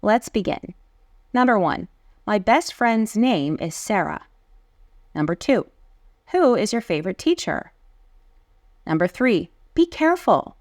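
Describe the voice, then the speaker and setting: Clear, patient woman teaching English. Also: mid-range voice, big pitch swings, unhurried, long pauses, no echo, studio quality. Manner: clear, patient explaining with read-aloud examples. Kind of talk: online grammar lesson.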